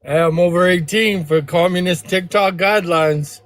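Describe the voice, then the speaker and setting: A man with a high voice calls into a live stream and rambles on, talking over the host. The sound is dry and close. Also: normal speed, fairly bright tone, no echo. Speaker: caller.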